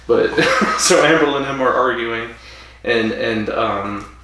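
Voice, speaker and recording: A man co-hosting a casual podcast chat, recapping an episode and acting out characters' lines in quick put-on voices. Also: medium pitch. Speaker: podcast co-host. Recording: echoey room, far from mic, faint hiss.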